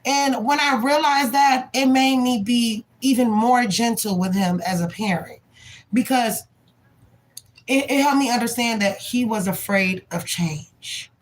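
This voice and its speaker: In a low-quality recording, a woman with a fairly high voice speaks unhurriedly as she hosts a livestream reading. A tarot reader and parent, she tells a story about her son candidly and casually, swearing freely and growing animated in the retelling.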